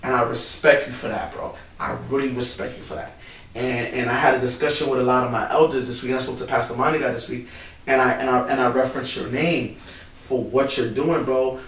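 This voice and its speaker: The co-host's medium-pitched voice is brisk and fairly bright, with fairly even intonation, as he chats casually and emotionally, often saying "bro" and "man." Captured on a distant mic inside a church building, the sound is roomy with faint noise behind it.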